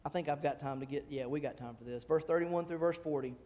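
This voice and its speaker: A male pastor preaching a sermon in a church sanctuary, talking conversationally and rising in pitch on emphatic questions. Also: quick pace, dark tone. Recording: long church hall reverb.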